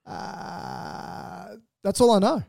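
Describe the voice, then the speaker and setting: A playful male podcast co-host with a mellow, warm tone and a slightly high voice. He's recorded dry and close. His talk is loose banter, and he laughs easily. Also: extremely slow, vocal fry, no echo.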